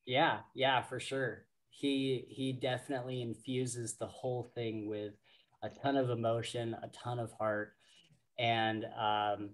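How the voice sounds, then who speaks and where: A man co-hosts a casual book podcast at an unhurried pace. He talks in a halting, rambling way, full of fillers and restarts. His voice sits in a middle register. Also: mid-range voice. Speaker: podcast co-host.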